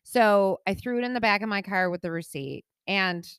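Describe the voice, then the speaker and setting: A woman's voice: mid-range voice, normal speed, a bit bright, smooth, no echo. A young adult woman co-hosting a podcast in easygoing casual chat. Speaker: podcast co-host.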